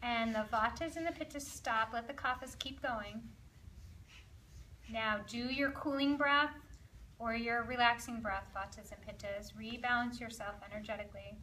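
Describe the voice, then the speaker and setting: A woman leading an ayurveda workshop, guiding slow breathing softly, then chatting in a lively, laughing way with her group. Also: fairly high pitch, slight background noise. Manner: soft and slow during breathing guidance. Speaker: yoga and ayurveda workshop leader. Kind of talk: guided breathing instruction. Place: workshop room with participants.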